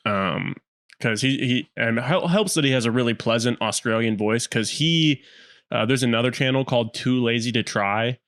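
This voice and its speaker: A man co-hosting a podcast in casual chat, halting and restarting his words often. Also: medium pitch, a bit bright, no echo, studio quality. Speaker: podcast co-host.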